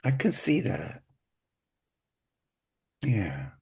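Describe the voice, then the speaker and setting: A middle-aged man with a gentle, hesitant, gravelly voice, leading a therapy session demonstration with many restarts. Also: lowish voice, big pitch swings, drawn-out words. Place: symposium hall, hybrid session.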